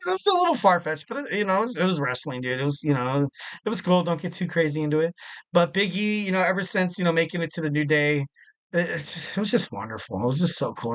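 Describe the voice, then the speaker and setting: A man's voice: on the high side, a bit bright. A man in his thirties hosting a casual solo podcast, rambling with lots of "you know" fillers. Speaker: podcast host.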